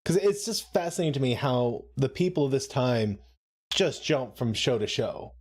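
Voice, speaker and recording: A man's voice: medium pitch, expressive, moderate pace, a little mellow. A man co-hosting a live watch-along, chatting casually, laughing often and making playful asides. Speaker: co-host of a show watch-along.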